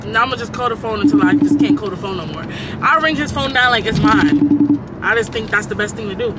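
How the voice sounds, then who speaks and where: A young woman in her late teens, vlogging while she drives, rambling and cursing through an animated story time. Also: on the high side, a little fast. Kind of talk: casual story-time chat while driving. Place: inside a car on the road. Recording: car with loud road noise.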